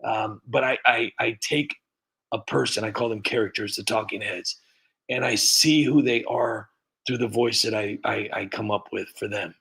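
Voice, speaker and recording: Brief: chuckling, self-mocking streamer, gravelly and bright with a husky edge. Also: male voice, on the low side, moderate pace. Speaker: livestream host and impressionist. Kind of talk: casual livestream chat.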